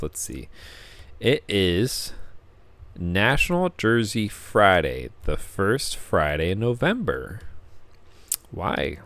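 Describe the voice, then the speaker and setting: A low-pitched vlogger chats casually while reading web pages aloud, hesitant and rambling with lots of fillers, and he is hiccuping throughout. The recording is dry.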